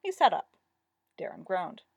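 A woman narrating a story aloud in an expressive, lively way. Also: on the low side, a little slow, creaky, husky, no echo, clean studio sound. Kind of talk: storybook reading.

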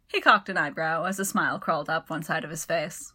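A woman narrating a story in an even, clear storytelling manner. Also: deep voice, fairly quick.

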